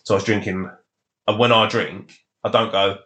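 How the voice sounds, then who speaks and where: A man, a guest on a podcast, telling lively stories from his past. He swears freely and laughs as he talks. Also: on the low side, normal speed. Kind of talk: casual storytelling.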